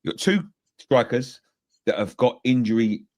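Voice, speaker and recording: A man's voice: mid-range voice, lively intonation, normal speed, no echo, clean studio sound. A man co-hosting a football fan show, making his points emphatically and repeating himself for stress. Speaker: fan channel co-host. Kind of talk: casual football opinion chat.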